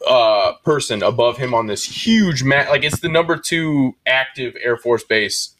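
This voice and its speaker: A man's voice: mid-range voice, lively intonation, a little slow, fairly bright tone. A man co-hosting a podcast, telling rambling stories in casual banter and swearing freely. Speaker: podcast co-host.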